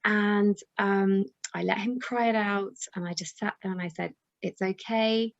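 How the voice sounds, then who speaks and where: A British parenting coach speaks straight to camera, walking parents through her advice in a chatty, encouraging manner. Her voice is gravelly and sits at an ordinary middle pitch, with a steady tone and normal speed. The recording sounds slightly dull and lo-fi.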